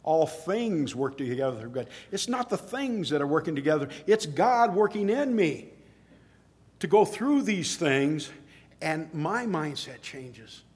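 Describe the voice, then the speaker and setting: A man's voice: a little high, very animated, unhurried, a little mellow. A middle-aged man preaching a sermon in a conversational way, telling stories and rising to emphatic exclamations.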